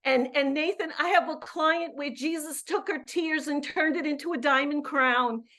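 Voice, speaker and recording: A woman's voice: high voice, moderate pace, sharp tone. A woman in her fifties calling in to a live show as a coach, effusive and emphatic, often repeating words as she goes. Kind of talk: live call-in chat.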